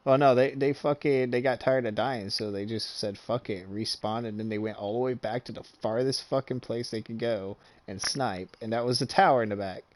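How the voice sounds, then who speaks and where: A young man, a gaming streamer, telling a long story in casual chat, swearing freely and laughing often as he gets animated. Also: medium pitch, moderate pace, hardly any pauses.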